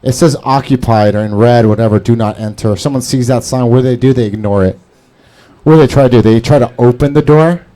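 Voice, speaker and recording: A man doing a rambling, profane stand-up set on an open-mic stage, jumping into a squeaky high voice for scared bits. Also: fast, mellow. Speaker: stand-up comedian. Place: comedy club stage before a live audience.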